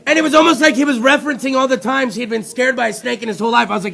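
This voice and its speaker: A man hosting a talk show, delivering a rowdy, profane comedic rant with loud outbursts. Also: extremely high pitch, very fast, vocal fry.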